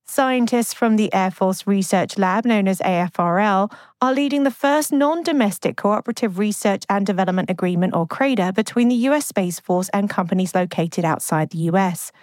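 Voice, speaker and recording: A woman co-hosting a news podcast, reading stories in a measured, clear newsreader manner. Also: medium pitch, a little mellow, no echo. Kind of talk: scripted news reading with banter.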